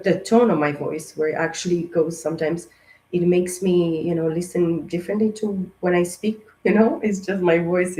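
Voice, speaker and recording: In a low-quality recording with a bit of hiss or hum, a tarot reader offers a loose, casual astrology reading to camera. Her mid-range voice is warm, and she restarts often, leans on fillers and drops in direct, supportive asides. There's a strained, sensitive sound to her, matching what she says about how she's been lately.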